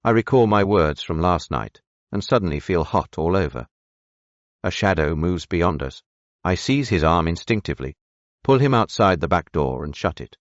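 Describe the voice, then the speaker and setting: A man narrating a romance audiobook in the first person, steady, measured and intimate. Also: sits low, no echo, lo-fi sound.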